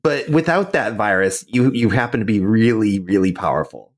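Hesitant man with lively pitch. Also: normal speed. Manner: hesitant, coy questions. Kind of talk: casual podcast chat.

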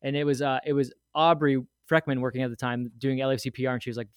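A man casually telling an animated, rambling story full of asides, as a guest on a podcast. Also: medium pitch, very fast, clear, resonant tone, dry recording, studio quality. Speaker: guest sharing a fan memory.

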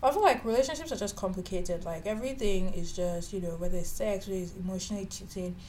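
A woman co-hosting a podcast, chatting casually and reading listener messages aloud in an animated way. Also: medium pitch, quick pace, a little hiss or hum, rough recording. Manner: chatty, animated, drops into quoted voices. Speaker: podcast co-host.

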